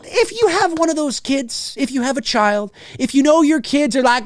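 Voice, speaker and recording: A man's voice: extremely high pitch, animated, normal speed, no room sound, studio quality. A man hosting a livestream show, ranting casually with exasperation, swearing freely and mimicking noisy children.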